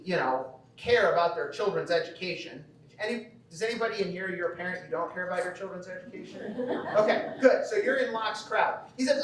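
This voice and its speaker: A man's voice: high voice, expressive, brisk, a bit bright. A man from the American Midwest giving a conversational lecture at a school banquet, often checking in with the audience by asking "okay?". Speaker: teacher. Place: large banquet hall. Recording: echoey hall, from far off.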